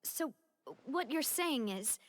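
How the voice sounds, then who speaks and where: A woman's voice: high voice, expressive, slow, a crowd in the background. An actress voicing a thoughtful woman in a video game, reasoning aloud with care.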